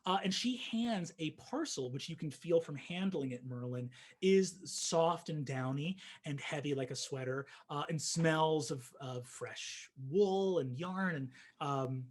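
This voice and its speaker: A man narrating as game master, animated with many fillers. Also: on the high side, measured pace, hardly any pauses.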